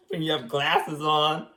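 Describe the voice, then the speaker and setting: Man, joking recommendation speech, unhurried, deadpan, lots of fillers. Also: fairly high pitch. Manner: teasing, deadpan, many fillers and tag questions. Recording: echoey room.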